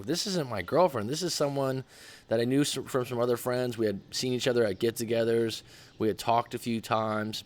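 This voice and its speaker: A man's voice: mid-range voice, a bit bright. A man, a dating coach, telling a personal story in a candid, rambling way that often corrects itself.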